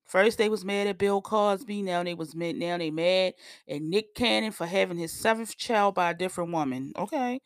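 Woman, blunt profane rant, animated, dry close sound. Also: on the high side, moderate pace, no echo. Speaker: podcast host. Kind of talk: casual opinion rant.

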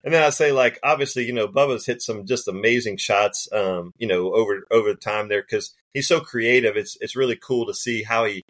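A man tells stories from the course in a casual podcast chat, full of laughs and acted-out voices. His delivery is animated and conversational, the voice of a caddie spinning a yarn. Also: fairly low pitch, a little fast, few pauses. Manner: animated, laughs often, acts out quoted voices. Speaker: golf caddie and podcast guest. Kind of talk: casual storytelling.

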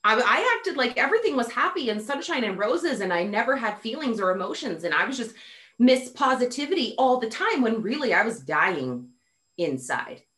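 A woman hosting a podcast, effusive and animated, acting out quotes as she talks. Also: on the high side, normal speed. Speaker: podcast host. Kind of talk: casual conversation.

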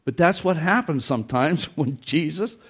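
A man's voice: fairly high pitch, animated, normal speed, slightly rough. A man preaching a sermon in a church, folksy in manner, who repeats his phrases and acts out the scripture quotes. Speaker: pastor.

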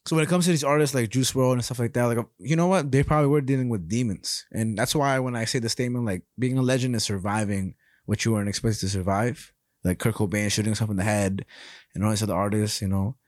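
A man's voice: medium pitch, fast talker, no echo, clean studio sound. A young man co-hosting a podcast, telling rambling stories in a casual, profane way. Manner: rambling, profane, animated storytelling. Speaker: podcast co-host.

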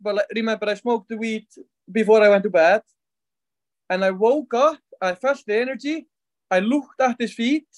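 A man on a video call asking a question, halting and searching for words with many "like"s. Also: sits high, dry recording. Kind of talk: casual chat on a video call.

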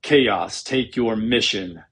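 A man voicing a menacing armored dark lord who growls out slow, low threats in a husky voice. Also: full character voice.

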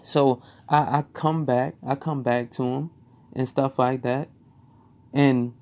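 A man's voice: medium pitch, fairly even intonation, slow, darkish tone. A young man casually telling a personal story, swearing, rambling and repeating himself.

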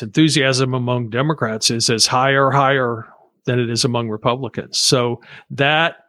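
Man co-host explaining politics calmly. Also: mid-range voice, no room sound, clean studio sound. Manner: measured, explanatory, with fillers. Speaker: podcast co-host. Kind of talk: casual political analysis.

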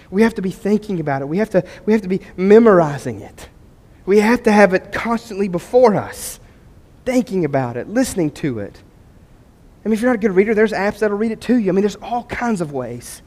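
Pastor, male, slightly high voice, chatty storytelling sermon, long reverb of a church hall. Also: lively intonation, fast, darkish tone. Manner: conversational, storytelling with humor. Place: church sanctuary.

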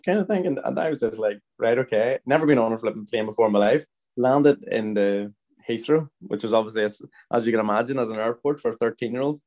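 A podcast guest from Northern Ireland, a man in his thirties, chats his way through a long, meandering story, quoting and acting out the other people involved and often starting over. He speaks fairly quickly in a mid-range, darkish voice.

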